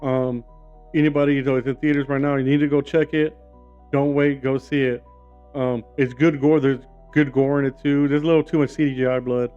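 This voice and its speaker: A man's voice: mid-range voice, little pitch movement, brisk, mellow, muffled recording, soft background music. A man giving a casual, enthusiastic movie review, rambling with lots of "you know" and "like".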